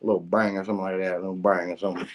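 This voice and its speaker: A man's voice: deep voice, flat delivery, very fast. A man giving a casual tarot reading to camera, chatty and slangy, swearing freely and acting out what people might say. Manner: loose and chatty, slangy, swears, acts out quoted lines. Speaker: tarot reader.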